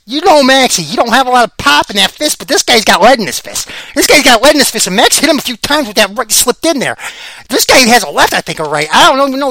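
A man hosting a podcast, giving casual fight picks in a rambling, excitable way and repeating himself, slightly out of breath. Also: extremely high pitch, no room sound. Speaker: podcast host. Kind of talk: casual fight-pick commentary.

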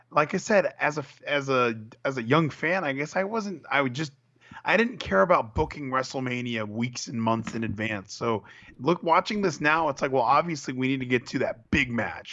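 A man's voice: mid-range voice, fairly bright tone. A man co-hosting a casual wrestling chat as an earnest fan, reeling off facts and correcting himself. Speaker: podcast co-host. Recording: dull lo-fi sound.

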